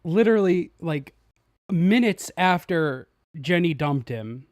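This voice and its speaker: A man's voice: on the high side, lively intonation, takes it slowly, a little mellow, dry recording. Amused man chatting, dry sound. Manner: amused, gossipy, filler-heavy. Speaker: stream host. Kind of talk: casual commentary chat.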